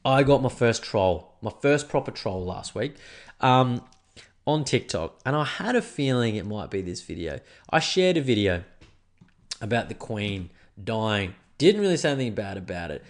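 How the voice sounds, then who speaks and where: A man's voice: lowish voice, very animated, normal speed. A man hosting a casual solo podcast, rambling and crude, with lots of swearing and self-deprecating asides. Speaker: podcast host.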